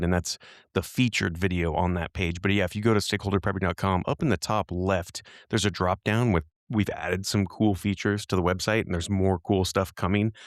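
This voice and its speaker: Male podcast co-host, low voice, dry close sound, rambling casual chat, quick to laugh. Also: no room sound. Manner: chatty, rambling, laughs easily.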